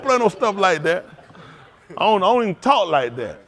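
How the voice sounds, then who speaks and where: A male pastor giving an informal, animated testimony sermon at a service, talking straight to the congregation and laughing often. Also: high voice, moderate pace. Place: synagogue service.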